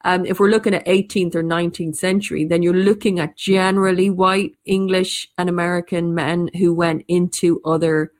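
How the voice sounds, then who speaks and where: Irish woman storyteller, conversational, slightly low voice, quick animated delivery. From Ireland. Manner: quick, animated bursts with restarts. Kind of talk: casual conversation.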